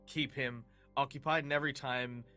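A man's voice: mid-range voice, steady tone, moderate pace, bright, forceful tone. A man playing a tabletop game, rambling with many fillers. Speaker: player. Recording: faint music behind.

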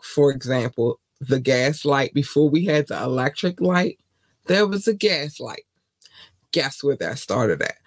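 A man's voice: medium pitch, no room sound. Passionate Baltimore man, dry close sound. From Baltimore, USA. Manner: passionate, defiant, repetitive. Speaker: podcast host. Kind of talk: casual monologue.

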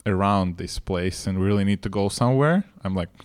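Low-voiced man telling a chatty story. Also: a little fast, a little mellow, smooth, no echo. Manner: chatty storyteller, restarts sentences. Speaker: podcast co-host. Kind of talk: casual podcast chat.

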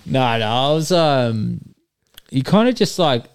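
Smooth-voiced man telling a story. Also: on the high side, no room sound. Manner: rambling crude anecdote, animated quoting. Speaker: storyteller guest. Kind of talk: casual podcast chat.

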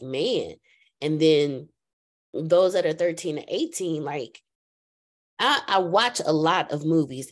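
A woman's voice: sits low, a little mellow. Reflective woman in her thirties on a call. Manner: reflective, halting, many restarts. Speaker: group call participant, aspiring foster mom. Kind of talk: casual emotional chat.

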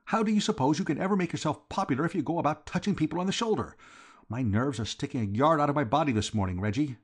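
A man voicing a frantic, rattled young gentleman in an audiobook reading. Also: medium pitch, fast, slightly rough, natural voice. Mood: frantic, rueful.

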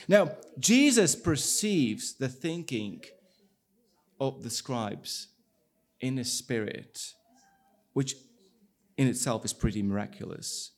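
A man delivers a sermon at an unhurried pace. His pitch rises and falls widely as he retells the story. He acts out the people's dialogue with animated emphasis. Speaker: pastor.

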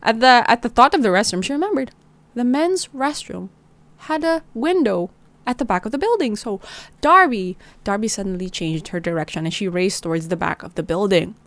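A woman's voice: medium pitch, expressive, brisk, no echo. A woman, hosting a true-crime podcast, narrating a story in a casual, dramatic way with Tagalog phrases mixed in. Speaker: podcast host.

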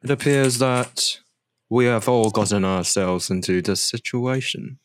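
A man's voice: medium pitch, a little slow, slight background noise, close to an everyday voice. A man voicing a snooty male drow villain in a vaguely German put-on accent, with grandiose, theatrical menace, as a tabletop character. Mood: smug.

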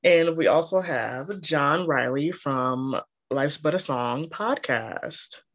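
A young woman co-hosting a podcast in casual chat, with a calm, soothing voice and frequent giggles. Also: deep voice. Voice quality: calming voice. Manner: slow, soft-spoken, giggly. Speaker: podcast co-host.

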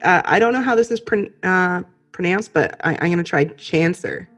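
A woman's voice: fairly low pitch, normal speed, fairly bright tone, soft background music. A woman hosting a podcast, chatting casually and playfully with a friend, often laughing and saying "um". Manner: giggly, playful, lots of "um". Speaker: podcast host. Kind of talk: casual chat between friends.

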